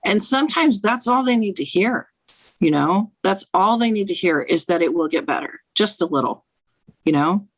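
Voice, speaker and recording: A woman's voice: mid-range voice, lively intonation, moderate pace, dry recording, poor audio. A woman who reads tarot for a living talks frankly in a casual interview and swears freely. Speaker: tarot reader and author. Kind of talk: casual conversation, interview guest.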